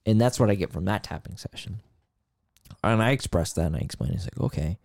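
A man with a low, gravelly voice tells a personal story on a podcast, earnest and candid. The sound is dry and close, with no room around it. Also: lively intonation, brisk, darkish tone, no room sound. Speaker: podcast co-host. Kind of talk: casual podcast conversation.

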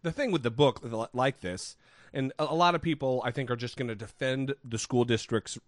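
A man's voice: medium pitch, a little fast, dry recording. A man co-hosting a podcast, chatting casually in a rambling, self-deprecating way. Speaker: podcast co-host. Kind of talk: casual chat.

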